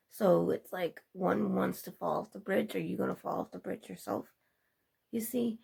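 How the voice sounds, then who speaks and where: A young woman tells a long, meandering story to her camera, acting out what everyone said along the way. Her voice is heavily gravelly, with a deep fry, and is very rough and husky. She keeps the delivery chatty and informal throughout. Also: warm tone. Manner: rambling, chatty retelling with quoted dialogue. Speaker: vlogger. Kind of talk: casual storytelling vlog.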